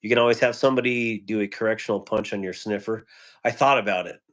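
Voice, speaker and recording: Chatty, joking man with a lowish voice. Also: fast, a bit bright. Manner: chatty and joking, rambling asides. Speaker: live-stream host. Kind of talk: casual live-stream chat, greeting viewers. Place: home. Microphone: phone.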